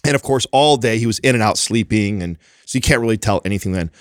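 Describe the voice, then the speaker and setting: A man's voice: on the low side, quick pace, smooth, no room sound, studio quality. Rambling man in casual podcast chat. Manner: rambling, full of restarts and casual swearing. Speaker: podcast host.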